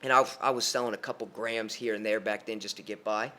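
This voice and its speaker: A young man tells a personal story on a podcast, in an animated way and with many restarts. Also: lowish voice, fast talker.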